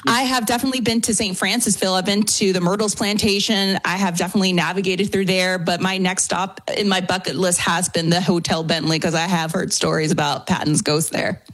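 A woman's voice: on the low side, fairly even intonation, fairly quick, few pauses, fairly bright tone, dry recording. A woman from New Orleans with a New Orleans accent, a paranormal investigator answering questions as a radio guest in an articulate, easygoing way.

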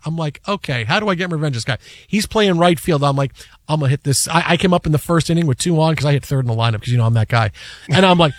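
A man hosting a sports talk show, telling stories in an animated, rambling way. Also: on the high side, no echo, clean studio sound. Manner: animated storyteller, fast and rambling. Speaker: sports radio host.

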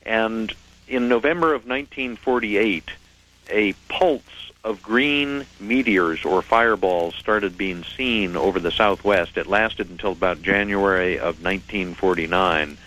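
A man with a low voice, speaking as a radio guest. He explains in a measured, precise way, and the call has the sound of a radio broadcast. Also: a bit bright, rough recording. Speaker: radio guest, head of a UFO reporting center. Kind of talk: phone-in radio interview.

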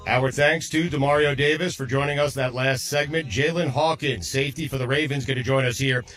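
A man's voice: medium pitch, steady tone, a little fast, fairly bright tone, faint music behind. A man hosting a sports radio show, interviewing a guest in casual chat and laughing easily.

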